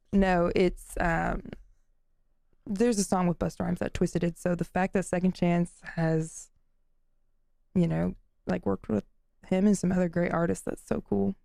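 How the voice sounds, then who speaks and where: A woman co-hosts a casual podcast with a low, gravelly, mellow voice. She gushes and laughs easily. The recording is dry and close. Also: dry recording. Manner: bubbly, laughs often, gushing. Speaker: podcast co-host.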